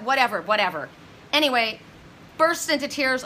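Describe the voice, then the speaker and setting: High bright-voiced woman medium, rambling. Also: lively intonation, quick pace, a little hiss or hum. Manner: intense, rambling, many restarts; dramatic retelling with voiced quotes. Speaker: psychic medium. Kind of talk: emotional monologue to viewers.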